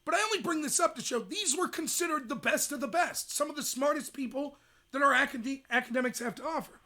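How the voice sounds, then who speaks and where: A young adult man hosting a livestream, ranting in rapid, emphatic commentary. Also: very high-pitched, bright, forceful tone. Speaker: host.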